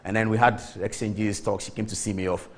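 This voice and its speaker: A man in his forties with a Ghanaian accent, telling an animated story on a TV talk show and mimicking the people he quotes. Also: on the low side, a little fast. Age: 40s.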